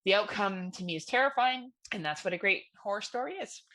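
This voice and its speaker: A woman's voice: mid-range voice, lively intonation, a little fast, fairly bright tone. A woman co-hosting a horror podcast, chatty and enthusiastic in casual talk. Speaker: podcast co-host.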